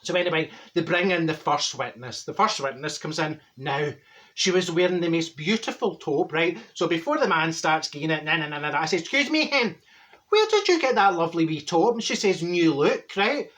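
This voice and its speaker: A man's voice: a little high, big pitch swings, brisk, fairly bright tone. Marjorie, a brash Glaswegian gossip, played by a man. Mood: gossipy. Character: brash gossipy Glaswegian woman, straight-talking. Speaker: comic character monologue. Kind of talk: comedic character monologue.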